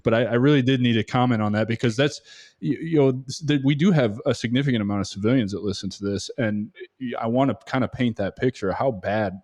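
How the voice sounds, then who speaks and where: A man's voice: medium pitch, fast talker, a little mellow. A man hosting a veteran podcast, talking bluntly and swearing freely in casual interview chat.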